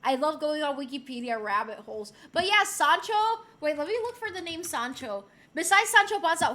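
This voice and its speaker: A woman from Rico, chatting casually on a live stream. She is excitable and swears freely. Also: extremely high pitch. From Puerto Rico.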